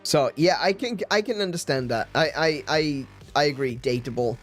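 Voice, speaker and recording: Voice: mid-range voice, normal speed. Stammering stream host, faint music. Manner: stammering restarts, laughs often. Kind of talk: casual chat on a stream.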